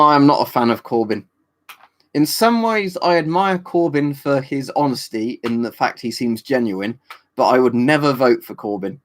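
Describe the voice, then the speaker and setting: A British man chatting loosely on a livestream. He rambles through his answers to the viewers, dropping in plenty of ums and tag questions, and his voice sits at an ordinary middle pitch. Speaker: livestream host answering chat. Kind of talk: casual live chat.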